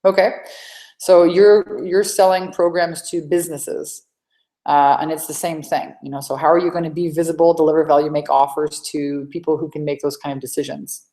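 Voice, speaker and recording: A woman's voice: sits low, steady tone, normal speed, mellow. A woman hosting a live coaching webinar from home, chatty and rambling with lots of restarts. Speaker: sales coach and webinar host. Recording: echoey room.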